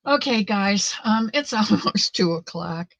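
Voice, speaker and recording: A woman's voice: mid-range voice, lively intonation, a little slow, vocal fry, no echo, lo-fi sound. A middle-aged woman hosting a live knitting stream, chatting casually and earnestly with viewers in a motherly way. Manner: warm, motherly, talks straight to viewers; earnest and faith-filled.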